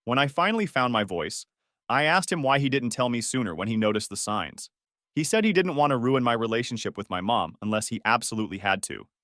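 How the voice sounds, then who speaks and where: Expressive male storyteller with a lively voice. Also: medium pitch, fairly quick, dry recording, clean studio sound. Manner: emotional, with angry outbursts in quoted lines. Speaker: narrator. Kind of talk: first-person story narration.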